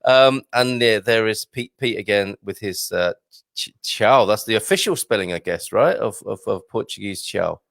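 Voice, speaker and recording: A man's voice: fairly low pitch, expressive, moderate pace, gravelly, hardly any pauses, fairly bright tone, dry recording. Male host, casual and chatty, laughs easily, dry mic. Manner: chatty, laughs often, stumbles over Portuguese words. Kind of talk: casual chat show.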